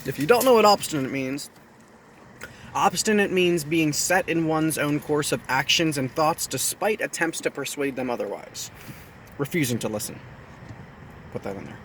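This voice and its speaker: A man with a fairly high voice hosts a casual chat to camera. He talks in a chatty, self-mocking way and drives points home by repeating phrases. Faint traffic hums behind him. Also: lively intonation, normal speed, fairly bright tone. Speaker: video host. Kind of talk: casual talk to camera with his partner.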